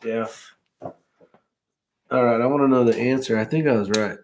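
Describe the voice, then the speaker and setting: A man's voice: medium pitch, fairly even intonation, normal speed. A man co-hosting a casual podcast, joking and teasing his co-host. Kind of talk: casual chat.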